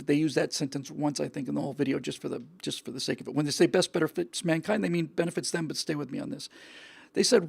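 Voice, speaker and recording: Gravelly, husky-voiced man. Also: fairly high pitch, fairly even intonation, fast talker, no room sound. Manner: earnest, repeats words and restarts sentences. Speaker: show host. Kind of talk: opinion commentary monologue.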